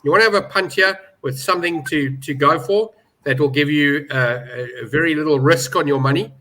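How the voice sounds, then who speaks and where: A man's voice: on the high side, fairly quick, sharp tone, slight background noise, low-quality recording. A man giving opinionated betting views in a casual panel chat, stressing his points hard. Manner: opinionated, emphatic about prices. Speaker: betting pundit.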